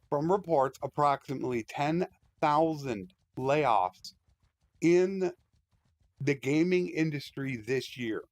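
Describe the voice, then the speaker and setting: A man's voice: on the high side, no echo. A man streaming a strategy game, explaining tactics and ranting with strong opinions in loose, rambling commentary. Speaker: gaming streamer. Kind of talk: casual live-stream commentary. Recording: dry close mic with faint music.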